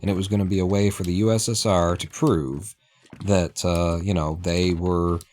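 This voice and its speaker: A man's voice: sits low, fairly even intonation, normal speed, darkish tone. A man livestreaming as he plays a game, chatting in a rambling, opinionated way and laughing at his own jokes. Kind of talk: casual gameplay chat.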